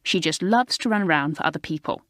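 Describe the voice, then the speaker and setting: A woman voicing Moira, a sharp, sneering teenage schoolgirl in an audiobook, cool and mocking. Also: low voice, animated, fast talker, no room sound, clean studio sound.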